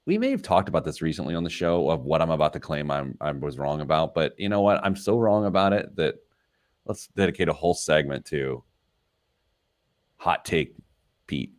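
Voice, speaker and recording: A man with a bass voice talks a little fast while hosting a radio talk show. He's a financial planner who tells casual stories about himself and laughs at his own expense.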